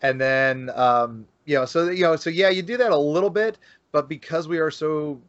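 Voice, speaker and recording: His voice fairly high and fairly bright, a man from Florida speaks at a moderate pace with no echo. He's a casual podcast guest discussing local folklore, rambling with many fillers and restarts, on dull, dry lo-fi audio.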